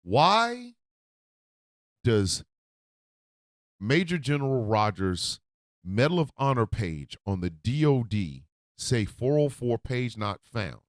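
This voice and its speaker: A man hosting a radio show, talking from the heart in a profane, emotional monologue that swings into loud outbursts. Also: mid-range voice, sing-song, slow pace, long pauses, dry recording, studio quality. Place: radio studio.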